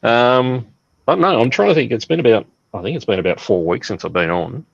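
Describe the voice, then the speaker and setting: A man's voice: mid-range voice, expressive, brisk, creaky, breathy edge, muffled recording. A man joining a casual group video chat as a guest, talking in an easygoing, rambling way.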